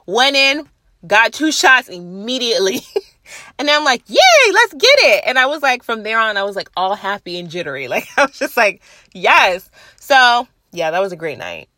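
A woman's voice: mid-range voice, lively intonation, normal speed, bright, forceful tone, no echo. Blunt, foul-mouthed young woman ranting. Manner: blunt, profane, chatty rants; laughs at herself mid-sentence. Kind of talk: casual talk to camera.

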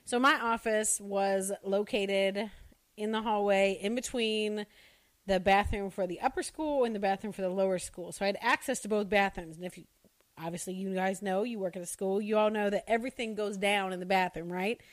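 A woman who works as a school social worker, telling stories in a casual, animated way, laughing and acting out the kids' shouts. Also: medium pitch, moderate pace. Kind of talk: casual storytelling.

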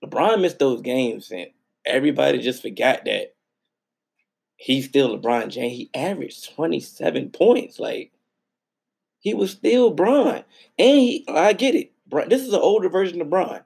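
Gravelly, lively-voiced man talking sports. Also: on the high side, unhurried. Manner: animated, slangy, repeats himself for emphasis. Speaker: podcast co-host. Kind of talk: casual sports podcast chat.

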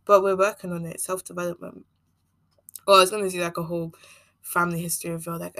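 A woman's voice: on the low side, little pitch movement, quick pace, long pauses, fairly bright tone, no echo. A young woman from Nigeria with a mixed Nigerian and American accent, hosting a casual solo podcast and rambling chattily with frequent laughs. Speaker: podcast host.

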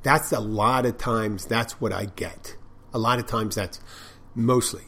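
A man's voice: medium pitch, steady tone, measured pace, few pauses, a bit bright. Rambling, profane man telling bar stories. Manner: rambling, profane, with many restarts. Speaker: bartender and podcast host. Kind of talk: casual storytelling monologue.

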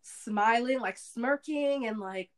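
Animated young woman telling family stories. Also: on the high side, takes it slowly, crowd noise. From Haitian family in Boston area. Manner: animated storyteller, acts out relatives' lines. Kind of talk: casual family storytelling.

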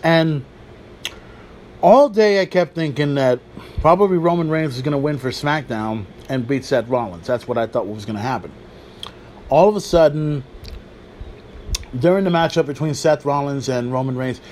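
A man hosting a solo podcast, talking excitedly and casually, swearing freely and drifting into asides. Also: on the high side. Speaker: podcast host. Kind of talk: solo wrestling podcast talk.

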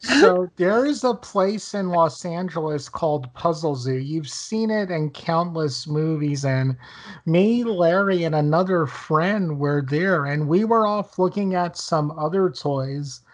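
A man's voice: fairly high pitch, a little slow. Reflective man chatting on a podcast. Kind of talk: casual chat.

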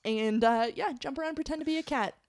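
A woman's voice: high voice, quick pace, a little hiss or hum. Chatty woman hosting a casual podcast. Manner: chatty, swears casually, many fillers. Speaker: podcast host reading a countdown list.

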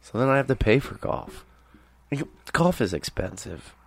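A man's voice: medium pitch, sing-song, moderate pace, breathy edge. A man co-hosting a casual podcast, cracking crude, dry jokes. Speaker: podcast co-host. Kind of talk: casual chat.

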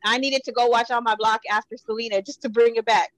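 A woman from Corpus Christi, Texas, co-hosting a casual pop-culture podcast, talking in an animated, gushing way with lots of fillers. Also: a little high, fast, poor audio. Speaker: podcast co-host.

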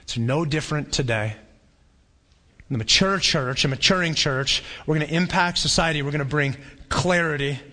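A male pastor preaches with a bright, forceful voice that sits a little high for a man. He is conversational and animated, and he now and then acts out the voices of a crowd. His voice carries a long reverb from a church hall. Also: moderate pace. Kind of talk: sermon.

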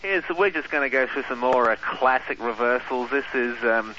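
Australian male guest, eager and full of "uh"s, tense bright tone, lo-fi radio sound. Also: medium pitch. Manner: eager explaining, many filler pauses. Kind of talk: casual radio interview. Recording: dull lo-fi radio line, faint hiss.

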